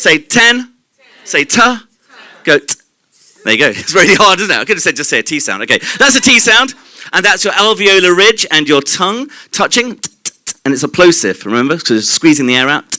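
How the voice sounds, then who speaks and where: A man's voice: high-pitched, pushed and bright, no echo. A man giving a live stage presentation, explaining mouth sounds, demonstrating them and quizzing the audience. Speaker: presenter at a live short-talk night. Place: club venue at a live evening event.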